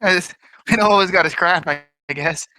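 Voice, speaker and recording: A woman's voice: fairly low pitch, fairly quick, sharp tone, no room sound. A woman playing in a tabletop game, chatting casually with stumbling restarts. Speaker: player. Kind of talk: tabletop role-play chat.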